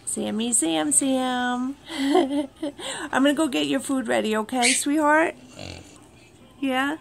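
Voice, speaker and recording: A woman at home in the morning, talking unhurriedly to her pets and her viewers, cooing to the animals in a soft, doting voice. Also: high-pitched, expressive, slow, creaky, long pauses, slight background noise. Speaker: pet owner vlogger. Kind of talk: casual talk to pets and viewers. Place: at home indoors, early morning.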